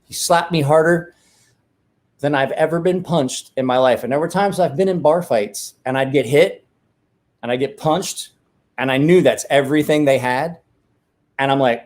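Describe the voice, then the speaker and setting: A man's voice: a little high, normal speed. Rambling, profane man telling stories. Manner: rambling, profane, self-correcting. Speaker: livestream host. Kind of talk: casual storytelling chat. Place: at home, drinking beer.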